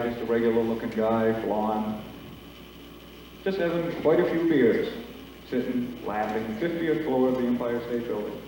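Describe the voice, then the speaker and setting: A man's voice: medium pitch, dark tone, recorded from a distance, slight background noise. Man telling a long joke in an echoey hall. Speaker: talent show emcee. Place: school auditorium. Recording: echoey hall taped from afar.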